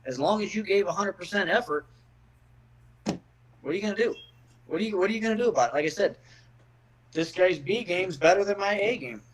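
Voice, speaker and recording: Middle-aged male podcast guest: slightly high pitch, blunt and profane, restarts his sentences. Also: a little fast, pauses often, poor audio. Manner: blunt, profane, repeats words when starting sentences. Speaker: guest, MMA fighter. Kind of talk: casual podcast chat.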